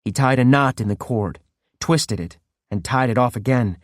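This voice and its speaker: A man narrating a horror audiobook in steady first-person storytelling. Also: mid-range voice, moderate pace, dry recording, studio quality.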